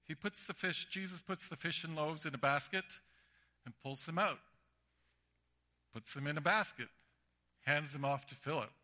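A man's voice: fairly high pitch, moderate pace, long pauses. A man preaching a sermon, telling stories animatedly and acting out the voices. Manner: animated storytelling with acted-out voices.

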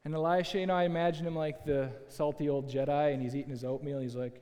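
A man preaching a sermon as a pastor, telling a story in a lively, conversational way with asides to the listeners. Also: on the high side, quick pace. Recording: long hall reverb.

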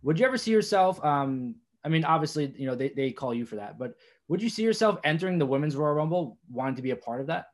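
A man's voice: a little high, expressive, fast talker. A young man hosting an interview, asking long, hesitant questions full of fillers. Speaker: podcast host.

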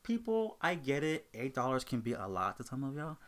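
A young man hosting a casual talk show, telling an animated story about a rude customer and acting out both sides of the argument. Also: mid-range voice, a little fast. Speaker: host.

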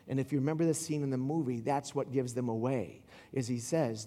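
A man giving a casual sermon in a church, retelling a film scene in an animated, rambling way. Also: mid-range voice, normal speed, big-room sound. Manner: animated storytelling with asides and restarts. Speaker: pastor.

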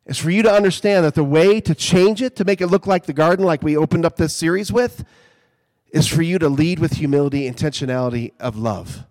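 A man's voice: on the high side, a little fast, a little mellow. A man preaching a sermon in a conversational way, building to emphatic peaks. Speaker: pastor.

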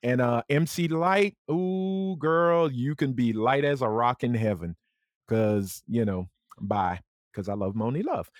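A man's voice: mid-range voice, unhurried, no echo, clean studio sound. A young man co-hosting a podcast in casual chat, teasing and joking with crude banter. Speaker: podcast co-host.

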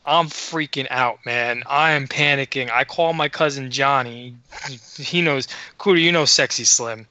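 A man casually telling a story on a podcast, animated and profane, acting out the dialogue. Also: mid-range voice, a little slow, dry recording, muffled recording. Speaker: podcast co-host.

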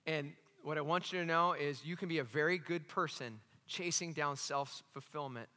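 A man preaching a sermon as pastor, animated and asking the congregation questions. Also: a little high, normal speed, big-room sound. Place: church hall.

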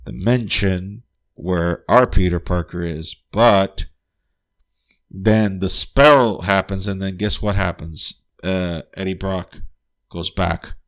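Male podcast host, lowish voice, casual profane movie recap, eager and chatty. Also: slow. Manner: excitable, profane, keeps asking "guess what?". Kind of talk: casual spoiler-filled movie review.

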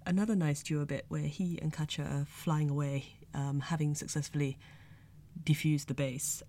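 Low-voiced woman reviewing anime. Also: dark tone. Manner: chatty and analytical, explaining Japanese words. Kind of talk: casual spoken review.

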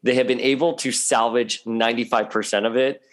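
A man talking as a guest on a podcast in a chatty, animated way, laughing often. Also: mid-range voice, a little fast. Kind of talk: casual podcast chat.

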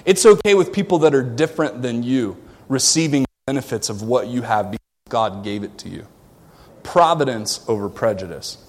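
A man from the American South with a Southern accent, preaching a sermon as pastor, swinging between loud exhortation and quiet asides. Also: medium pitch, expressive, moderate pace, big-room sound.

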